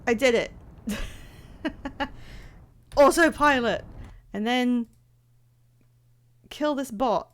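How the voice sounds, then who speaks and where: Woman streamer, casual game commentary, fairly high-pitched, chatty and swearing. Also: extremely slow, pauses often. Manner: chatty, swearing, laughing often, reacting to chat.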